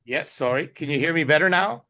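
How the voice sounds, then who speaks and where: A man's voice: a little high, fairly quick, sharp tone. A man hosting an online team recap call, effusive and exuberant, often laughing, speaking over a video call. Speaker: host.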